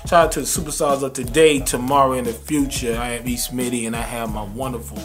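A man hosting a podcast in casual chat, animated and slangy, laughing often and mimicking people. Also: medium pitch, quick pace, music in the background. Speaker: podcast host.

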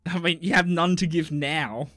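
A man in his thirties co-hosting a podcast in casual, joking chat, swinging between loud bursts and mumbles. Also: fairly high pitch, steady tone, moderate pace, no room sound, clean studio sound. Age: 30s. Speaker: podcast co-host.

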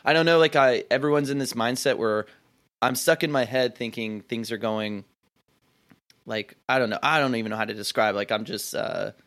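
A man's voice: medium pitch, moderate pace, fairly bright tone. A young man in his twenties talking in a casual conversation, reflective and rambling, full of "like" and restarts.

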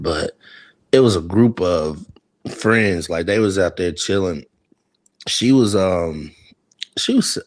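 A man's voice: deep voice, no echo. A man co-hosting a podcast, casually telling a story, laughing often and acting out what people said. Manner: laughing, animated, acts out quotes. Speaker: podcast co-host.

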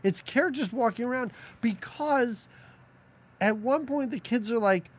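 A man co-hosting a podcast, chatting casually about a film with animated, sarcastic asides and frequent laughter. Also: very high voice, a little slow. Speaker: podcast co-host. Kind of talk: casual movie-review chat.

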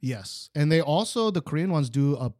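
A man's voice: fairly high pitch, expressive, moderate pace, a little mellow, no room sound, clean studio sound. A man co-hosting a casual music review chat, opinionated and rambling, with lots of fillers. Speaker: podcast co-host.

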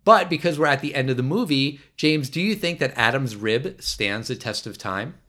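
A man hosting a casual movie podcast, talking in an opinionated, lively way. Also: medium pitch, normal speed. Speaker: podcast host.

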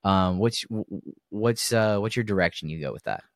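A man's voice: deep voice, lively intonation, normal speed, gravelly, dry recording, clean studio sound. A man hosting a podcast, chatting in a loose, crude, joking way with lots of fillers. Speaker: podcast host. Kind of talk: casual podcast chat.

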